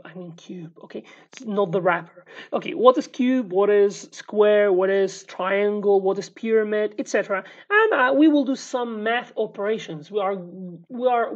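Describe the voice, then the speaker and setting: A young woman with a Kurdish accent, a native Kurdish speaker, teaching a casual video lesson and often checking in with "okay?". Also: medium pitch. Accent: Kurdish, Slemani. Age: young adult. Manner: repeats words, asks "okay?" often. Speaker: language teacher. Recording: dull lo-fi audio.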